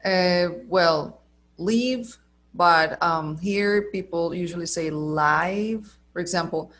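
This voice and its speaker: A woman's voice: lowish voice, flat delivery, measured pace, a bit bright. A Colombian woman, Spanish her first language, chatting as a guest teacher and carefully practicing English words. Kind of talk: casual conversational interview.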